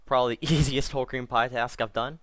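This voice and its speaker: A man's voice: mid-range voice, fairly bright tone, no room sound. A man doing casual let's-play commentary, rambling and correcting himself, with wry asides. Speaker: gameplay commentator.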